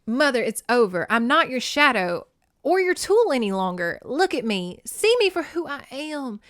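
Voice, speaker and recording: A woman's voice: high-pitched, very animated, moderate pace, fairly bright tone, no room sound, studio quality, pitched above the performer's own voice. A woman voicing a young goddess who stands up to her mother, speaking earnestly and firmly. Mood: defiant. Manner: earnest, firm, pleading. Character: defiant young goddess, newly grown woman.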